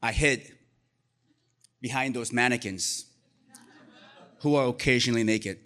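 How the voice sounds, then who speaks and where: A Korean-born man in his forties tells a true story on stage, his voice sitting at an ordinary middle pitch. He keeps a wry, self-mocking humor running through it, with an easy, unhurried storytelling delivery at a live story slam. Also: sharp tone.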